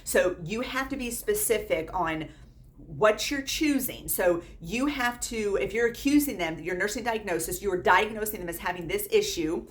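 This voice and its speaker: A woman's voice: medium pitch, moderate pace. A woman in her thirties teaching nursing students in a casual, blunt way. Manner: blunt, lively, quotes students in put-on voices. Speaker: nursing instructor.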